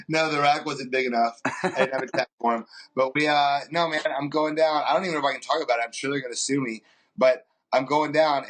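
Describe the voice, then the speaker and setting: A man's voice: medium pitch, poor audio. A man rambles through a story on a casual podcast. He slips into the voices of the people he quotes, then drops back to his own. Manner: rambling anecdote-telling, acts out quoted people. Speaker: podcast co-host.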